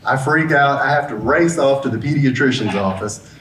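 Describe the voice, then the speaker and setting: Middle-aged man telling a lively story. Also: mid-range voice, moderate pace. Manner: lively storyteller who acts out the dialogue. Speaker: business coach giving a talk. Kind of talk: motivational talk with a personal story. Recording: roomy sound, mic at a distance, faint background hum.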